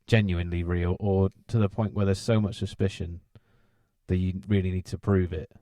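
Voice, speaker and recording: A man's voice: low voice, little pitch movement, moderate pace, dark tone, dry recording, clean studio sound. A British man co-hosting a podcast, chatting casually, teasing and laughing often. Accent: British English. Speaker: podcast co-host. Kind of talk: casual chat.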